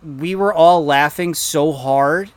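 A man's voice: fairly high pitch, takes it slowly, no room sound. A man in his thirties chatting casually, telling a self-deprecating story with lots of fillers. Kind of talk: casual chat.

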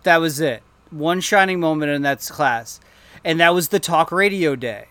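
A man in his thirties, talking in a loose, animated, self-mocking way, full of "like" and restarts. His voice sits a little higher than most men's. He spins the story casually for his co-hosts. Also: moderate pace, no echo. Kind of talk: casual chat.

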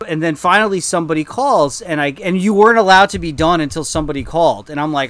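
A man in his thirties, talking in a loose, animated, self-mocking way, full of "like" and restarts. His voice sits a little higher than most men's. He spins the story casually for his co-hosts. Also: fast, dry recording. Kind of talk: casual chat.

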